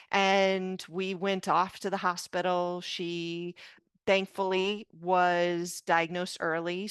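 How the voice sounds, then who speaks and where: Her tone is clear and resonant, fairly bright, at a medium pitch, with no echo in the recording. She's a doctor and mother in her fifties, sharing a personal story in an interview with slow, earnest emotion.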